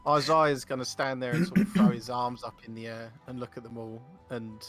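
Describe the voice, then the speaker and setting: A man's voice: mid-range voice, fairly even intonation, a little fast, fairly bright tone, faint music behind. A man playing a tabletop game, describing his character's actions in rambling bursts with restarts. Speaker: player.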